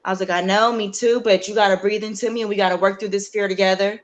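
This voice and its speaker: Young woman guest telling her story, halting, lots of ums and restarts, earnest. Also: medium pitch, fairly even intonation, highs cut off. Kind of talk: candid personal storytelling.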